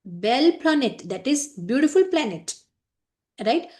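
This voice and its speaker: A woman's voice: high-pitched, very animated, unhurried, darkish tone. A middle-aged Indian woman teaching French, explaining each phrase and firmly warning students about common mistakes. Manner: switches between French, English and Hindi, explaining each phrase; firm, scolding reminders about mistakes. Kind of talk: classroom lesson explaining a letter.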